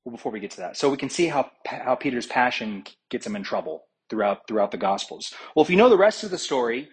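A man preaching with a husky, breathy voice at an ordinary pitch. He retells scripture as a story, slipping into the words of its figures and pausing with fillers as he thinks aloud. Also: very animated, low-quality recording. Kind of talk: sermon.

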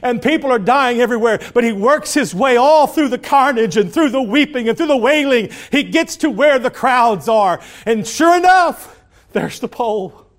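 A man preaching a sermon, telling a story dramatically and swinging from hushed tones to loud calls. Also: extremely high pitch, animated, normal speed. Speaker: pastor.

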